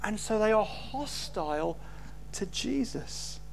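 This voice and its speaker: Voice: medium pitch, expressive, takes it slowly, gravelly, a little hiss or hum. A preacher delivers a sermon in an emphatic way. The speaker builds each point with rhetorical questions and stresses key words.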